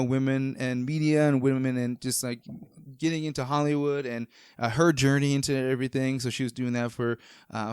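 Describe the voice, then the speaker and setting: A man's voice: medium pitch, clean tone, dry recording, studio quality. A man hosting a podcast, chatting casually and rambling with enthusiasm, with many fillers and restarts. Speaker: podcast host. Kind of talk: casual chat.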